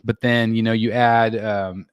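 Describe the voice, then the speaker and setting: A man from the United States hosting a casual live stream, reading out chat and chatting in a relaxed way full of fillers and restarts. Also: on the low side, measured pace, clear, resonant tone, no echo, lo-fi sound. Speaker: livestream host reading chat. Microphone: desk microphone.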